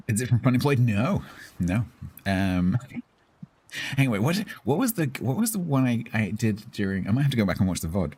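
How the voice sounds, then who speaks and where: Man, live streamer, very low voice, husky, rambling casual chat, chuckles often. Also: big pitch swings, normal speed, darkish tone.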